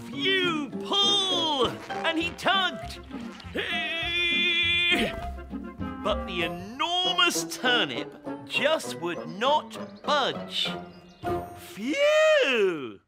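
A man narrating a children's story in a playful, expressive way, inviting children to join in. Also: extremely high pitch. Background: children's music.

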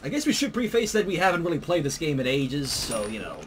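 A young man co-hosting a game playthrough, loud and teasing, swearing often. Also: a little high, very animated, quick pace, noisy background. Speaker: gaming channel co-host. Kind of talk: casual gameplay banter.

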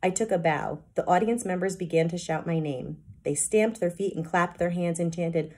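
A woman kindergarten teacher reading a children's chapter book aloud with expressive storytelling narration. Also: deep voice, normal speed, hardly any pauses.

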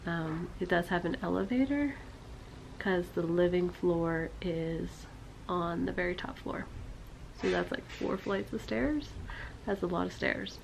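Young mom vlogger, gravelly voice. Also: female voice, measured pace, a little hiss or hum. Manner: soft and low while narrating, loud and high talking to the babies. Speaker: family vlogger, mother. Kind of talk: casual vlog narration.

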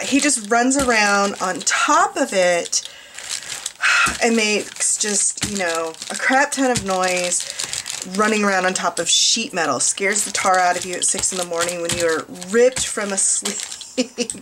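A young American woman chatting casually and rambling to viewers while she makes an art journal page at home, often asking them questions. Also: medium pitch. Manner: chatty, self-deprecating, asks viewers questions. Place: small apartment art desk. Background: faint dog noise.

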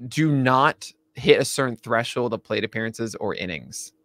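A man with a bright, forceful voice co-hosts a casual baseball talk show. His pitch swings widely as he gets excited, and he laughs often and trips over his own restarts. The sound is dry and close. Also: moderate pace, dry recording. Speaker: podcast co-host.

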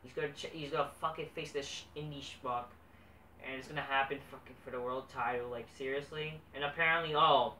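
A man rants through a wrestling show review, swearing constantly. His voice is bright and forceful. He sits back from the mic in an echoey room with a faint hum behind him. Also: medium pitch, steady tone, a little fast, far from the mic. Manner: profane, exasperated, swears constantly. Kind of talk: casual ranting review.

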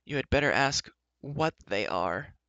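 A man voicing a whiny, cowardly male wizard who pleads and wails softly, on a dull lo-fi recording. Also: mid-range voice, animated, unhurried, dry recording, pitched above the performer's own voice. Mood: pleading. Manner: wailing, pleading, soft.

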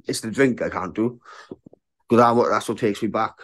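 A man's voice: on the low side, moderate pace, a bit bright, breathy edge. A man in his thirties, a bare-knuckle fighter, talking frankly in a casual interview and often asking "do you know what I mean?".

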